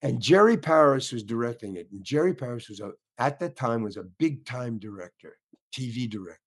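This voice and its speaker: An older male actor with a medium-pitched, animated voice talks fairly quickly in a casual interview. He tells rambling stories full of restarts and acts out other people's lines as he goes.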